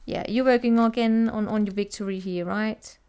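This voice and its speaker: A woman's voice: mid-range voice, steady tone, normal speed, mellow, clear, resonant tone. A woman giving a casual, chatty tarot reading to viewers, teasing and laughing as she talks, often restarting her sentences. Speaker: tarot reader.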